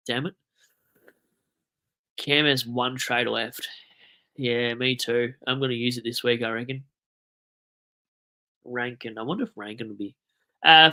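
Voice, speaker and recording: This livestream host is a young Australian man whose nose sounds blocked. At a medium pitch, he chats and rambles loosely, cursing and bursting into lively outbursts.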